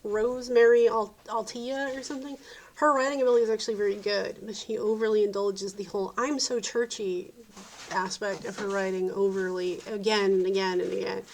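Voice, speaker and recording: A woman's voice: medium pitch, little pitch movement, fairly quick, slight background noise. A woman from the South Jersey and Philadelphia area in a rambling, opinionated vlog monologue, often calling things dumb. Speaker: vlogger.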